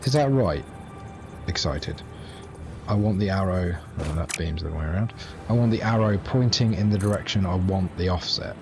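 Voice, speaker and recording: Streaming a building game from a laptop at home, this man rambles to his viewers in a jokey, self-deprecating way during casual gameplay chat. His voice is deep and his pace moderate. Game music and some background noise fill the clip.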